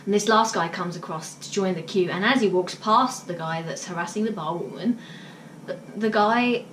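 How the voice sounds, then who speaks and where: A female vlogger tells a casual story to the camera in a chatty way, packed with fillers and bursts of laughter. Her voice is mid-range and fairly bright, at a normal speed. The room sounds roomy, with the mic at a distance and faint noise.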